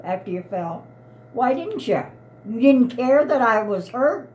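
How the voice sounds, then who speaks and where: A woman's voice: fairly high pitch, very animated, a little slow, darkish tone, muffled recording. A woman in her eighties, an elderly mother, arguing in an upset, pleading way and repeating herself. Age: 80s. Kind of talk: heated family argument.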